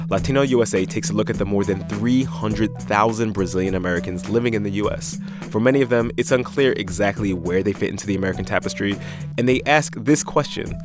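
Low-voiced man reading a promo. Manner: relaxed scripted promo read. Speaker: promo announcer. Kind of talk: scripted promo. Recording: promo over guitar music.

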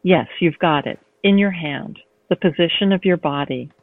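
A man's voice: a little high, normal speed, no room sound. A woman reading as a coaxing male fencing coach. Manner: smooth, encouraging, gently insistent. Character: courtly adult male fencing instructor, coaxing. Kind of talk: read-aloud novel excerpt. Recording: tinny phone-line sound, dry.

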